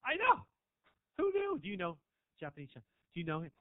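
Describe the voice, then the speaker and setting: Working the crowd in a small club, this male comedian rambles provocatively and needles the audience through a handheld stage mic. He talks fairly quickly in a high voice with huge pitch swings, and the audio is narrow and tinny with no echo.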